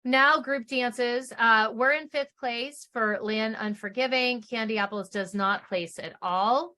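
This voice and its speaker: A woman's voice: on the high side, a little slow, pushed and bright. A woman co-hosting a podcast, chatting casually as she recaps an episode and reads out her own notes with laughs. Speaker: podcast co-host.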